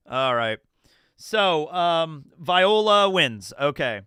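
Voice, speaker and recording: Lively high-voiced male streamer. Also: extremely slow, clean tone, no echo. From New Jersey. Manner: chatty, laughs often, casual swearing. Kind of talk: casual livestream commentary.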